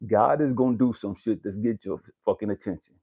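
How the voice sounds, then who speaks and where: A man speaking as a spiritual life coach, giving a blunt, cursing motivational rant to the camera that builds to shouting. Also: on the low side, brisk, slightly rough, narrow, tinny audio.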